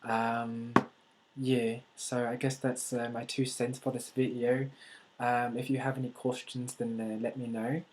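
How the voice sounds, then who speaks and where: A man from the United States talking to camera in a vlog. He speaks in a deliberately unusual put-on accent and pauses often with fillers and restarts. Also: medium pitch, level tone, a little mellow, low-quality recording. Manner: hesitant, with many fillers and restarts. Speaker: vlogger. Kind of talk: casual talk to camera.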